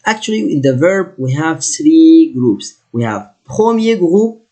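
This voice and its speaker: Husky teacher slowly spelling out French. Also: male voice, a little high, big pitch swings, mellow. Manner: slow deliberate repetition of French words, halting English. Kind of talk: classroom lesson explanation.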